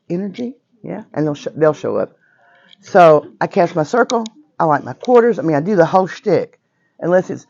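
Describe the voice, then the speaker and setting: An older woman in her sixties leads a small class, her voice hoarse and worn down to a gravelly rasp. She talks in a chatty, emphatic way and keeps checking that everyone follows. The recording is dull and lo-fi, with a dry, close sound. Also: low voice, animated, moderate pace, a little mellow, no echo. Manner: chatty and emphatic, frequent "right?" and "okay?" check-ins. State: hoarse, voice nearly gone. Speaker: witchcraft teacher. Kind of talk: informal class lecture. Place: metaphysical shop classroom.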